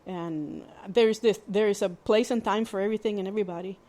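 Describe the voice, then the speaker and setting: Woman, podcast host, personal storytelling, plainspoken, halting restarts, middle pitch. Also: fairly even intonation, mellow. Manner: halting, conversational, frequent restarts and fillers; candid and plainspoken, with mild swearing.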